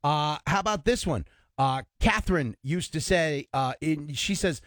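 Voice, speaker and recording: A man's voice: on the high side, animated, measured pace, a bit bright, no room sound, clean studio sound. A man co-hosting a call-in radio show, chatting casually and laughing along with callers.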